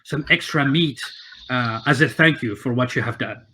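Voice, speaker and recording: A man's voice: mid-range voice, normal speed, pushed and bright, husky. A man voicing a kind, protective barmaid in a tabletop game.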